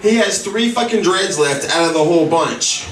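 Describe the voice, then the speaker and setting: A man's voice: high-pitched, normal speed, fairly bright tone. A man doing a stand-up comedy set in a club, crude and rambling, full of profanity, acting out the lines of the people in his stories. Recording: roomy echo, mic heard from a distance.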